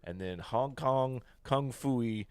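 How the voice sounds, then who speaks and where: A man's voice: medium pitch, slow, clear, resonant tone, no echo. A man with a Midwestern American accent co-hosting a casual podcast, reading history facts in a loose way and swearing freely. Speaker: podcast co-host.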